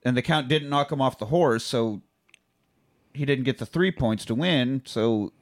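A man's voice: mid-range voice, measured pace. A man co-hosting a movie rewatch podcast, chatting casually and cursing while retelling scenes. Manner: profane, retells movie scenes in acted quotes. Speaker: podcast co-host. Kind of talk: casual chat.

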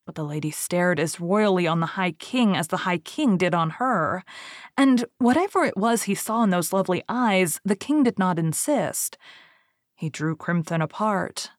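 A woman reading an old storybook tale aloud in a measured, steady way. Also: fairly low pitch, dry recording, clean studio sound.

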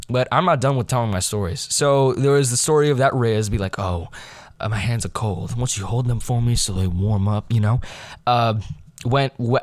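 A man's voice: mid-range voice, no room sound. A teenage boy hosting his own podcast, telling stories in a rambling, self-deprecating way with lots of fillers and restarts. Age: teens. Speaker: podcast host. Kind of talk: casual storytelling monologue.

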